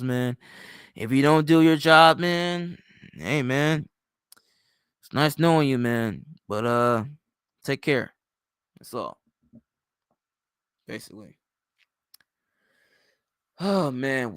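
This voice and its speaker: Sleepy ranting man with a bright voice. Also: medium pitch, clear, resonant tone, dry recording, clean studio sound. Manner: rambling, profane and ranting. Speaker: livestream host. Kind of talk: casual late-night livestream chat.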